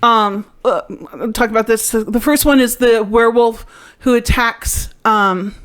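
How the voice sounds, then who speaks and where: A woman's voice: a little high, fairly even intonation, a little slow, clean tone. A woman hosting a casual podcast chat, insistently arguing her point. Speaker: podcast host.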